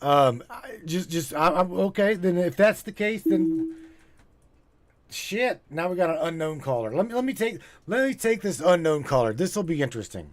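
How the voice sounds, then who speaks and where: A man's voice: high-pitched, expressive, moderate pace, no room sound. A male host of a live call-in show who jokes, laughs and swears while taking callers. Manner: laughing, profane, joking. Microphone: studio mic.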